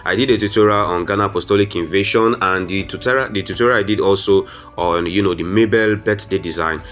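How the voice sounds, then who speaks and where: A man teaching a graphic design tutorial step by step. He keeps addressing viewers as "guys" and often pauses with "um". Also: deep voice, fairly bright tone. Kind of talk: screen-recorded software tutorial.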